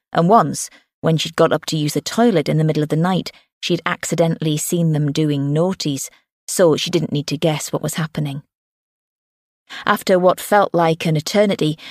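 A woman narrates a dark audiobook in a measured, even voice. Her pitch sits very low for a woman. The recording is dry and close, with no room sound. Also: no room sound.

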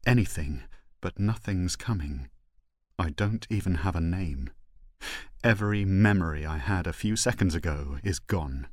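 A man narrates a novel in the first person, steady and controlled. His voice sits very low and moves at an unhurried pace. The recording is close and dry, with no room sound. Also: dry recording. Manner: measured, slow and controlled. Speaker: audiobook narrator.

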